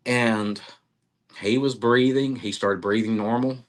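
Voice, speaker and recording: A middle-aged man in an interview, telling a story in an animated way, acting out quotes and laughing often. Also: mid-range voice, unhurried. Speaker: interviewee, cryptid researcher.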